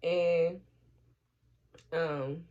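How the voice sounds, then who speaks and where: A woman with a deep voice and drawn-out words chats casually on her vlog while fixing her hair at home, telling a profane, animated story and imitating her friends' lines. The audio is dull and lo-fi.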